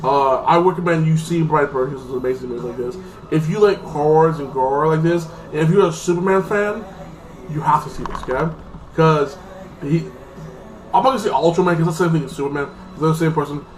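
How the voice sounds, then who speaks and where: A man's voice: on the high side, fairly quick. A man giving a casual, rambling movie review, filling his talk with "like" and acting out the characters. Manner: rambling, full of "like", acts out characters. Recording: voice a bit far from the mic, faint music behind.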